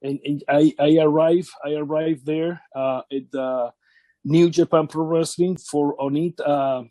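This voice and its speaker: Dark-voiced man telling wrestling stories. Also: on the high side, unhurried, no room sound. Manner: animated anecdotes, non-native English grammar. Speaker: interview guest, former wrestler. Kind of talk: shoot interview storytelling.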